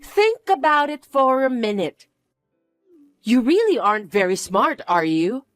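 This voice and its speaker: A woman's voice: fairly high pitch, big pitch swings, a little slow, no echo, faint music behind. A woman voicing a bratty, vain young stepsister who talks down to everyone in a haughty, demanding way. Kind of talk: dramatized story narration.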